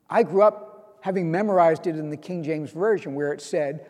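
A man's voice: a little high, moderate pace, gravelly, a little mellow, long reverb tail. A man preaching a sermon, earnest, reading out scripture and stressing key lines. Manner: earnest, quoting scripture with rising emphasis.

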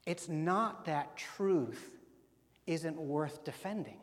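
A male pastor preaching a sermon, dropping to hushed slow emphasis and rising to loud, animated bursts. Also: a little high. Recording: long hall reverb.

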